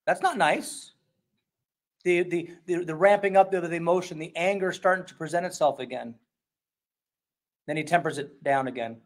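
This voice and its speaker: A pastor delivers a sermon, moving between soft and intense passages and reading scripture aloud. He sometimes repeats words while searching for a phrase, and he takes long pauses. His voice is a little high and his pace moderate.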